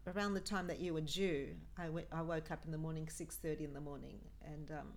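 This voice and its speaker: A woman's voice: deep voice, steady tone, fairly quick, slight background noise. Middle-aged woman telling her story. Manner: earnest, acts out quoted speech. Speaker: guest, mother of a host. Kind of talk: personal storytelling in a podcast chat.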